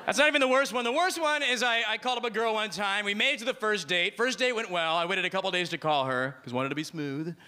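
A man doing a stand-up routine, telling a self-deprecating story with halting restarts. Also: sits high, sharp tone. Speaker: stand-up comedian. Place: comedy club stage with live audience. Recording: live club recording with crowd and noise.

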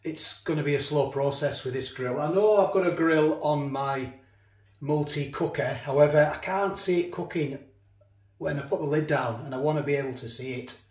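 A man's voice: a little high, moderate pace, a little mellow, roomy sound. A man chatting casually as he cooks and tastes food in a home kitchen. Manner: chatty, talks while chewing, frequent restarts. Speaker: food reviewer. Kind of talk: casual food review vlog.

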